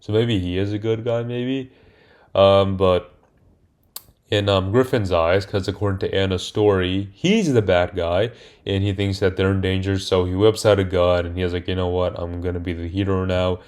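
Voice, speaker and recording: Deep-voiced man rambling through a film recap. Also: steady tone, moderate pace, a little mellow. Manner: rambling, hesitant, many fillers and self-corrections. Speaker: movie reviewer. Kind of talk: casual spoken film recap.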